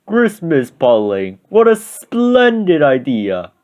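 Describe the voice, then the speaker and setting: A man voicing a jolly old Santa Claus in a storybook reading, drawing his words out slowly. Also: fairly high pitch, wildly swooping pitch, narrow, tinny audio, heavily acted. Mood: savoring. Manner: slow, drawn-out exclaiming.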